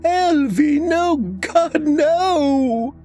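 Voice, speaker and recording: A young mother shrieks and sobs, her voice thrown far up high and loud, as a man puts her on. She is crying so hard that every word breaks, and the story plays her as raw horror. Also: animated, drawn-out words, soft background music, full character voice. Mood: wailing. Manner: sobbing, screaming.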